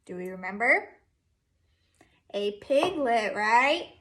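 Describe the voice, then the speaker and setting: A young woman teacher reading a picture book aloud to young children, animated and sing-song, breaking into animal and machine sounds. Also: on the high side, takes it slowly, pauses often.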